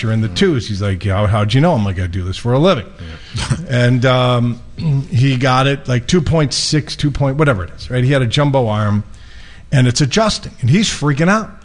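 A man hosting a radio show, casually telling a lively story and acting out both sides of the conversation. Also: mid-range voice. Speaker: radio show host and mortgage lender.

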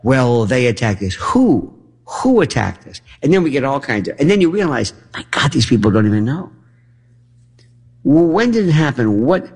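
Gravelly, animated American man ranting. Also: on the high side, normal speed. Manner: animated, ranting, rhetorical questions. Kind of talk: casual monologue, animated storytelling.

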